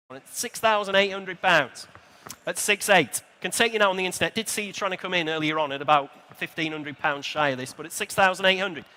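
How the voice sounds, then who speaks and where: Brisk auctioneer man in a big hall. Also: sits high, sharp tone. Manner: brisk, chatty bid calling with dry asides. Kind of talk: live auction calling. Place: large exhibition hall saleroom.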